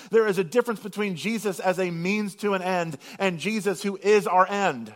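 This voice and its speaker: A man preaching a sermon, swinging from loud, drawn-out proclamation to hushed intensity and slowing right down on scripture lines. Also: high-pitched. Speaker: pastor.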